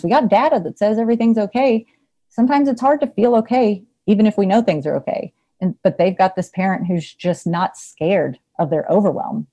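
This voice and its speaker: A woman's voice: on the low side, dark tone. A woman in casual conversation, talking reflectively with many fillers and frequent laughs.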